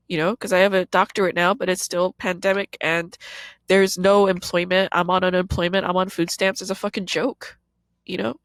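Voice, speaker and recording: A woman's voice: mid-range voice, fairly even intonation, brisk, dry recording. A woman in her thirties, a podcast host and comedian, giving a raw confessional monologue in a blunt, profane way.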